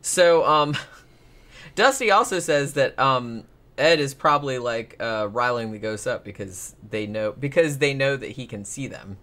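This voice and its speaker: A man's voice: mid-range voice, expressive, a little slow, pushed and bright. A man casually recapping a paranormal case as a podcast co-host, rambling, swearing freely and laughing often. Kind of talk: casual chat.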